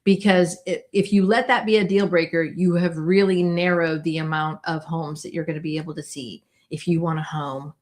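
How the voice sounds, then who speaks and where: A woman in her fifties co-hosting a casual real estate chat, chatty and animated, laughing often. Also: deep voice, moderate pace, few pauses. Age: 50s. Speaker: realtor podcast co-host.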